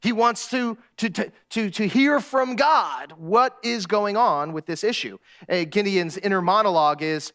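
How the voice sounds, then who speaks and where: A man's voice: high-pitched, a little slow, hardly any pauses, fairly bright tone. A man preaching a sermon as a guest speaker, in a conversational way, acting out the lines he quotes with humor.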